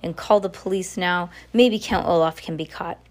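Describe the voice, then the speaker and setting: A woman's voice: on the low side, normal speed, natural voice. A woman reading aloud, voicing an earnest, resourceful teenage girl in a children's novel. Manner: earnest and quiet.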